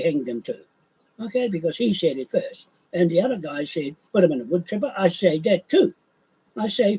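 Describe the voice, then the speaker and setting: A man's voice: sits high, mellow, breathy edge, poor audio. An older man, ranting in a rambling monologue and repeating himself. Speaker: vlogger.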